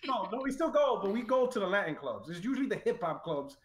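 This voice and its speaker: A man tells stories in a casual chat, his voice sitting high for a man. He is animated and swears freely. The room around him is echoey. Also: quick pace, crowd noise. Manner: animated, swearing, quotes people in raised voice. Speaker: podcast guest telling stories. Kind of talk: casual storytelling.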